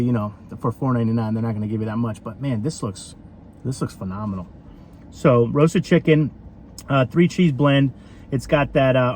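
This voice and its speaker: A man talks his way through a casual food review, rambling and chatty with plenty of ums and uhs. His voice sits at an ordinary middle pitch. Faint vehicle noise hums behind him. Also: darkish tone. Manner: chatty, rambling, with many fillers.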